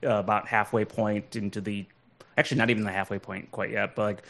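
A man's voice: lowish voice, level tone, fast talker, creaky, fairly bright tone. A man co-hosting a casual talk show, rambling with many fillers while reacting to a clip. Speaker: podcast co-host.

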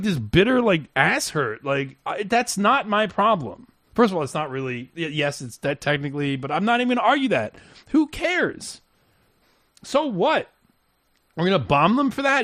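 Lively-pitched man, rambling and mocking. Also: no echo, studio quality. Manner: rambling, mocking, many restarts. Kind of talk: heated political chat.

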